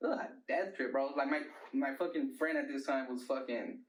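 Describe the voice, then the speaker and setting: A man's voice: medium pitch, normal speed, recorded from a distance. A young man, a rapper, telling a long wild story in a casual interview, rambling and cursing with plenty of "like" and "bro". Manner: profane, rambling storyteller, bro-talk fillers. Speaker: rapper and producer guest. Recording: roomy, mic set back.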